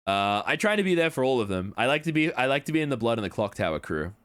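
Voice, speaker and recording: Casting note: young man for livestream chatter, lively and expressive delivery, rambling and casual, answers chat. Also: medium pitch, fast, clear, resonant tone. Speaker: streamer.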